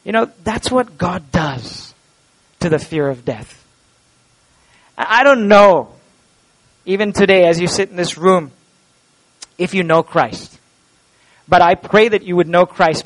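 A man preaching an Easter sermon in a church and leading a closing prayer, impassioned and swinging from loud to hushed. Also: sits high, rough recording. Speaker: pastor. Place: church sanctuary.

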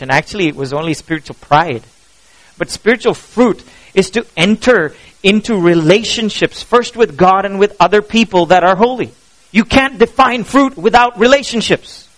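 A pastor preaching a sermon, animated and asking the congregation questions as he goes. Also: sits high, low-quality recording.

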